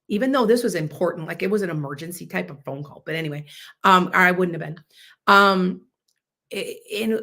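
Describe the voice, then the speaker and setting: A woman, hosting a podcast livestream and chatting casually as a loud, boisterous storyteller. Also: fairly low pitch, a little fast. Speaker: podcast host.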